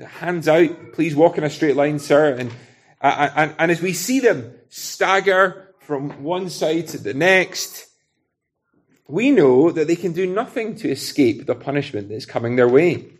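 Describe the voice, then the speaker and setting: A man's voice: a little high, lively intonation, measured pace. A man from Britain preaching a sermon in an earnest, conversational way, using everyday illustrations.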